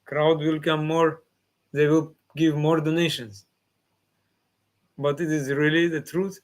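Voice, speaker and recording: A man with a somewhat high voice teaches a devotional class at an unhurried pace. His English phrasing is simple and non-native. He often slips into acting out the voices of his listeners as he makes a point. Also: flat delivery. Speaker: spiritual teacher.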